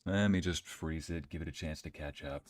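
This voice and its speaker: A man's voice: rumbling low, moderate pace. A man streaming a video game, chatting casually with viewers, reading their messages aloud and joking around. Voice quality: playful, chatty, reads chat aloud and jokes. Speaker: streamer and narrator. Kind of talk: casual live-stream commentary. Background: game music.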